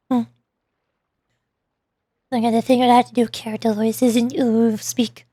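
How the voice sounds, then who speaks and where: A woman streaming and chatting casually with viewers, talking fast when excited and laughing often. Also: on the high side, no echo, clean studio sound. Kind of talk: casual livestream chat.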